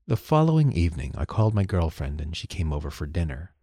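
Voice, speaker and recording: A man hosting a podcast, narrating a first-person story in a calm, earnest way. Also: a bass voice, a little fast, hardly any pauses, slightly rough, no room sound, studio quality.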